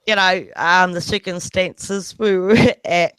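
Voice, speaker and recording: A man's voice: high voice, steady tone, takes it slowly, sharp tone, clean tone, no room sound, clean studio sound. A man rambling a story in a casual group voice chat, swearing freely and apologizing. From New Zealand.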